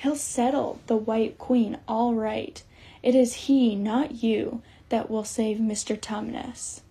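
A woman's voice: on the high side, flat delivery, slow pace, dark tone, breathy edge, full character voice. A woman reading as a gloomy old-fashioned male beaver. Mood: hopeful. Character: gloomy, homely male beaver, middle-aged. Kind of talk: audiobook character reading.

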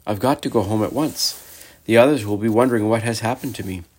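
A man voicing a kind, earnest young girl who speaks gently and pleads. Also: fairly low pitch, fast, breathy edge.

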